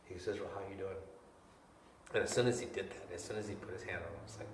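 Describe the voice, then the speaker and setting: A man's voice: low voice, fairly even intonation, fast talker. A man in a casual interview, animatedly telling a personal story and acting out what others said, laughing often. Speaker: interview guest. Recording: roomy, distant mic, faint background noise.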